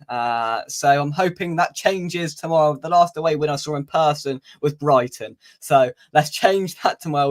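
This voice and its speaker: A young man hosting a football fan channel's match preview, chatting casually and wryly with plenty of filler words. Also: on the high side. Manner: chatty, wry, lots of "uh" fillers.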